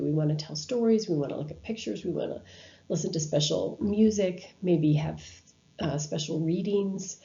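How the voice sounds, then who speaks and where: A woman's voice: on the low side, mellow, muffled recording. A woman giving a recorded university lecture over slides, talking in a conversational way with frequent ums and restarts. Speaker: university instructor.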